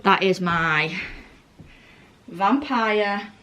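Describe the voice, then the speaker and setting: A woman's voice: medium pitch, very slow, pushed and bright, muffled recording, slight background noise. A young woman in her twenties chatting casually to her phone camera, rambling with lots of ums and laughs. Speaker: vlogger.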